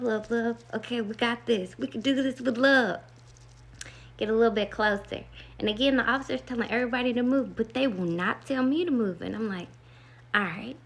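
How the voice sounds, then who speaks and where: A woman's voice: mid-range voice, vocal fry, a bit bright. A woman vlogger telling a rambling, earnest story about meditation and love, full of "like" and asides. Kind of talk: casual storytelling to camera.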